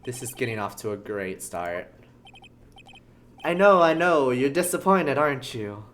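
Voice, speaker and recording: Brief: streamer as a reassuring young lawyer, plain voice, slow and even. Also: medium pitch. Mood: dry.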